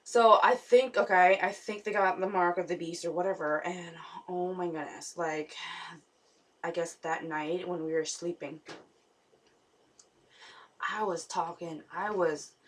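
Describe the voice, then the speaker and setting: A woman's voice: on the low side, steady tone, a little slow. A young woman vlogger rambling through a dream story, full of fillers and restarts. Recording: voice somewhat far from the mic.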